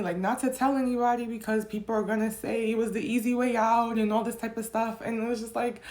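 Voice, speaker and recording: A young adult woman telling her personal story in a vlog, rambling with many fillers and restarts, tearful and emotional. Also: mid-range voice. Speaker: vlogger.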